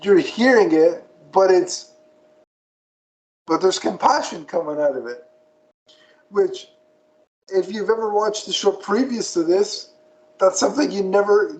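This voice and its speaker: A man co-hosting a podcast, retelling a cartoon in casual chat with a rambling, animated manner. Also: high voice, unhurried, low-quality recording. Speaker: podcast co-host.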